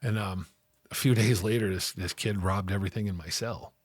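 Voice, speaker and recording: A man telling a hard personal story in a candid interview, animated, acting out the voices of people he quotes and often asking "right?". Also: fairly low pitch, a little fast, no echo. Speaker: interview guest.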